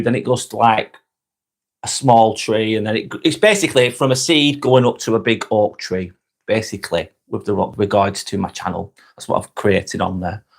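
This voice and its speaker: A man with a Lancashire accent hosting a casual live stream, chatting with viewers, thanking them by name and calling people "mate". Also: mid-range voice. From Northwest England. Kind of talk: casual live-stream chat reading comments.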